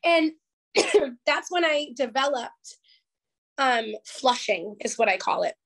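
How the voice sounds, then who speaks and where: A woman with a fairly high voice tells her story on a podcast in a frank, emphatic way and does not shy from swearing. She sounds emotional, close to tears at moments, and keeps the tone of a candid interview. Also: expressive, slow pace, gravelly, a bit bright. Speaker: guest life coach.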